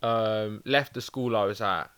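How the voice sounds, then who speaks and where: A man's voice: on the low side, steady tone, measured pace, fairly bright tone, clear, resonant tone, no echo. A young man co-hosting a podcast in casual chat, teasing his friend and swearing casually. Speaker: podcast co-host.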